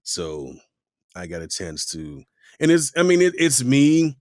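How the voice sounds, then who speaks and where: At medium pitch and an unhurried pace, a voice actor guest chats casually in an interview, bringing quoted voices to life animatedly. The sound is clean studio audio with no room tone.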